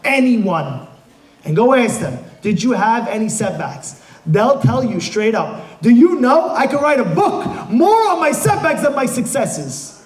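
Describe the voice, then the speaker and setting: High-voiced rabbi preaching in an echoey room. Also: male voice, big pitch swings, a little slow. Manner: emphatic preacher, swings between low asides and shouted high rhetorical questions. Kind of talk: motivational sermon. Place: room with a live audience.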